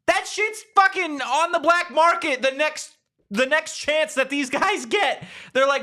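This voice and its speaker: A man's voice: extremely high pitch, expressive, moderate pace, bright, forceful tone. A man hosting a sports talk show, brash and mocking, swearing freely in casual chat.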